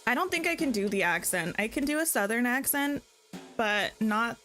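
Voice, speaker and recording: A woman's voice: fairly high pitch, lively intonation, normal speed, sharp tone, faint music behind. A woman streamer chatting and reading narration aloud while playing a story game. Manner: chatty, laughing recap. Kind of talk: casual let's-play commentary and reading narration.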